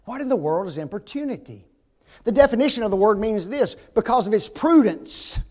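A man pastor preaching a sermon in church, with emphatic delivery, rhetorical questions and big swings between loud and soft. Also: high voice, animated, a little fast.

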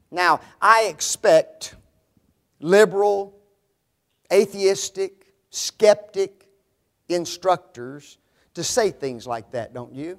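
A man's voice: high-pitched, expressive, slow pace. A man preaching a sermon, emphatic and sarcastic, putting rhetorical questions to his listeners. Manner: emphatic, rhetorical questions to the audience, mocking quoted phrases.

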